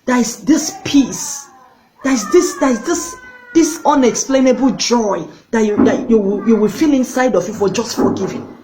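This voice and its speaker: A woman's voice: a little high, moderate pace, dark tone, a little hiss or hum, poor audio. Earnest woman evangelist preaching. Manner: earnest, directly addresses viewers; storytelling, repeats for emphasis. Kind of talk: sermon.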